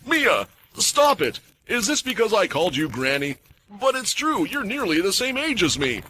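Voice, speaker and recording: A man's voice: mid-range voice, very animated, moderate pace, a bit bright, a little hiss or hum. A man doing a smug ancient mage. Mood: panicked. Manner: wry, unflappable. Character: ancient male mage in a young body, dry and smug.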